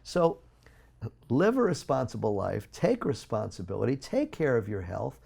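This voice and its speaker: A man speaking as an interview guest, talking in an emphatic, preachy way with big swings in loudness. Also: mid-range voice, wildly swooping pitch, moderate pace, gravelly, husky. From United States. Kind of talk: interview talk.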